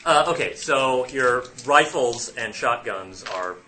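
A man narrating as game master of a tabletop game, halting often and correcting himself as he goes. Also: mid-range voice, lively intonation, noisy background. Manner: halting, with many fillers and self-corrections.

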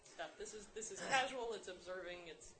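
A woman playing a tabletop game, lively and playful. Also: mid-range voice, fairly quick, a little hiss or hum. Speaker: player.

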